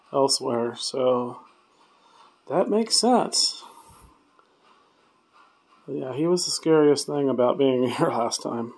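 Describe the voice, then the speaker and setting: A man on a solo ghost-hunting vlog in a dark hotel room at night, talking in a hushed voice and calling out to spirits. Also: medium pitch. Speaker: paranormal investigator.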